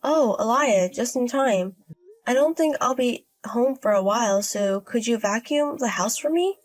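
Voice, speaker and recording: In a storybook, a woman voices a young woman who gambles and doesn't seem bothered, speaking in an unhurried, low-key deadpan.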